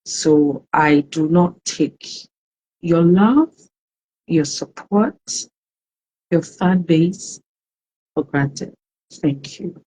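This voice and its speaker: A woman hosting a live-streamed talk show, greeting viewers by name and chatting in a warm, emotional way. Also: sits low, very slow, long pauses, husky, poor audio. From Ghana. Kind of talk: casual live-stream chat.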